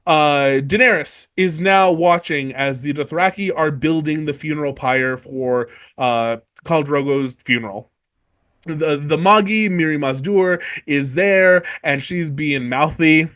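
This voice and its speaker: A man hosts a casual book discussion podcast, recapping the story in a swearing, animated voice. His voice sits fairly high and gets loud when he is excited. He talks in quick bursts with lots of fillers. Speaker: podcast host.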